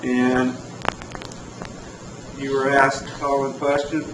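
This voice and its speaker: A man's voice: mid-range voice, completely flat delivery, slow pace. Pressing male attorney in echoey courtroom. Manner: pointed, pressing questions. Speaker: defense attorney. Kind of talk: courtroom cross-examination. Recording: echoey courtroom audio from far off, with noise.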